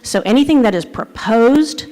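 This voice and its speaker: Woman, convention delegate, committee testimony, steady and explanatory, big echoey hall. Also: fairly high pitch, normal speed. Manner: steady, explanatory, like a civics lesson. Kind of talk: public testimony at a committee hearing.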